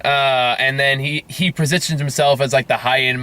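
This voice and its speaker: A man in a casual movie review chat with a bright, clear voice. He rambles through his thoughts with many restarts and casual swearing, laughing easily along the way. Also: medium pitch, fairly even intonation, moderate pace, few pauses.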